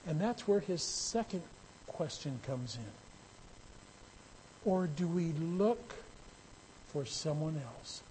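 A man's voice: on the high side, animated, drawn-out words, pauses often, dark tone, a little hiss or hum, poor audio. A man preaching a sermon in a conversational way that builds into emphatic, raised passages. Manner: conversational, rising to emphatic bursts. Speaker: pastor.

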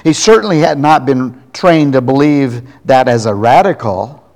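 A man preaching a sermon as a story, earnest, slowing down to stress key words. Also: medium pitch, a little mellow. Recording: long reverb of a large hall.

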